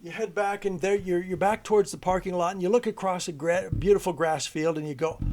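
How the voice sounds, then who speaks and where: A man's voice: sits high, fairly even intonation, brisk, few pauses, a little mellow. A man teaching a homeschool grammar lesson, explaining it as a loose, conversational story with many restarts.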